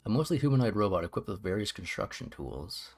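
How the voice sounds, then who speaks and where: A man's voice: fairly low pitch, very animated, quick pace. A man narrating a game playthrough in a joking, storytelling way. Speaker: game streamer.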